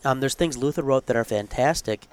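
A man's voice: mid-range voice, fairly quick, clear, resonant tone. Male academic co-host, conversational and earnest, loose unscripted delivery. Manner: conversational, earnest, thinks aloud with asides. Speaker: podcast co-host, college theology professor. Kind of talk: casual podcast chat.

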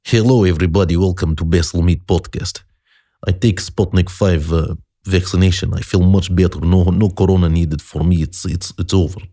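A man's voice: low voice, steady tone, normal speed, mellow. A man doing a clumsy put-on Russian accent, playing a cheerful, boastful fellow.

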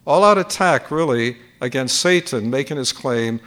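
A man's voice: medium pitch, expressive, normal speed, few pauses, fairly bright tone. An older man preaching at a conference, teaching point by point and repeating key phrases for emphasis. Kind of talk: sermon.

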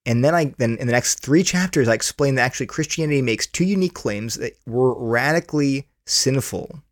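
An author, appearing as a guest, answers interview questions about his book in an earnest, explanatory way, often repeating words as he thinks. His mid-range voice is expressive and brisk, and the recording is dry and studio quality.

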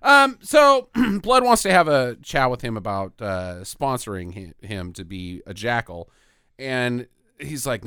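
Lively, joking male podcast co-host. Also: mid-range voice, moderate pace, smooth, no room sound, studio quality. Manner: joking, recaps the plot, laughs a lot. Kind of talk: casual movie-recap chat.

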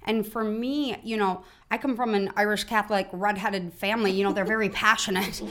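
A woman's voice: medium pitch, fairly even intonation, fairly quick, fairly bright tone. Female host, mid-range voice, reflective, casual parenting talk. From Michigan, United States. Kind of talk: casual conversation about parenting.

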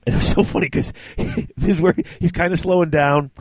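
A man's voice: a little high, a little fast, dry recording. A man hosting a casual chat, telling a long story and acting out what others said. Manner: animated, acts out quoted dialogue. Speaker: podcast host.

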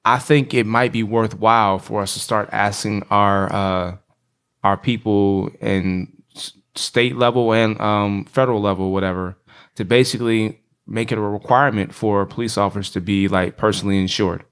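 Low-voiced rambling man co-host. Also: fairly even intonation, normal speed, a bit bright, clear, resonant tone. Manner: rambling, many restarts and fillers. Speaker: podcast co-host. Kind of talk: casual group chat.

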